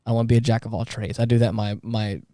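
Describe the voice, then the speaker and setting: A man's voice: on the low side, steady tone, racing, dark tone, no room sound, clean studio sound. A man co-hosting a podcast in casual chat, talking in a rambling way with many restarts. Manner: rambling, lots of fillers and restarts. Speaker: podcast co-host.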